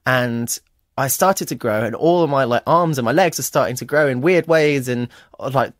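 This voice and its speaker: A young Englishman in his twenties, a guest on a radio interview, tells his story candidly and earnestly, with plenty of fillers. His mid-range voice moves at a moderate pace, captured on a studio microphone with dry, echo-free sound.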